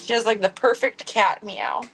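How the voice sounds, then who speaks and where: A woman's voice: on the high side, fairly even intonation, normal speed, slight background noise, low-quality recording. A young woman streaming from her home kitchen, chatting casually and rambling with lots of filler words. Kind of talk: casual chat.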